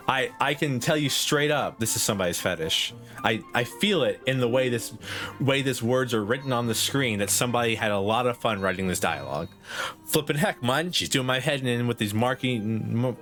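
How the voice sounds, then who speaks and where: A man chatting through a game stream, giggly and self-deprecating, rambling between lines. His voice sits in a middling pitch. Faint music runs underneath. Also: normal speed, fairly bright tone. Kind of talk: casual game commentary.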